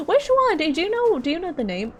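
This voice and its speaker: A woman's voice: extremely high pitch, big pitch swings, fairly quick, faint music behind. A woman streaming a game live, giggly and playful, chatting with her viewers and practising how to say words. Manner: giggly and playful, chats with viewers and drills pronunciations.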